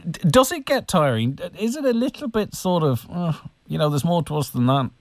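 Easygoing radio host. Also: male voice, on the high side, very animated, a little mellow. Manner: easygoing, halting with fillers. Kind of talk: radio interview. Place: radio studio.

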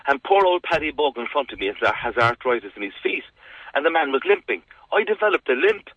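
A man's voice: on the high side, fast talker, slightly rough, no room sound, phone-quality sound. A man with a Cork Irish accent, chatting on the radio and telling jokey stories as a guest presenter. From Ireland. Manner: chatty storyteller, jokey, animated. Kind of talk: casual radio chat.

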